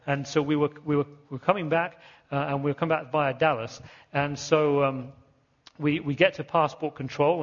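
A man's voice: a little high, slightly rough. A man preaching a sermon, telling stories in a conversational way and often repeating and restarting words. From England. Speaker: pastor. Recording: muffled sound with long hall reverb.

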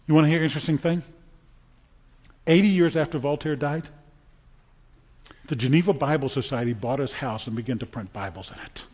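A man preaching a sermon from the pulpit of a church, emphatic and dramatic, swinging from loud declarations to hushed, solemn lines. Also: on the high side, lively intonation, normal speed, husky, long reverb tail, lo-fi sound. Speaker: pastor. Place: church sanctuary.

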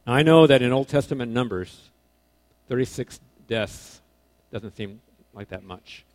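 Casual, animated man preaching a sermon. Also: mid-range voice, unhurried. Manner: animated, swings between loud emphasis and quiet asides; casual, self-correcting, informal phrasing. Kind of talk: conversational sermon to young people.

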